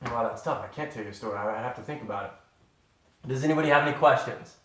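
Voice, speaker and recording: A man chats loosely with his viewers, rambling from one thought to the next and calling them "y'all". His voice sits at a middle pitch. The room around him is echoey. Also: fast, fairly bright tone, a little hiss or hum. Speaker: vlogger. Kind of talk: casual live-stream chat.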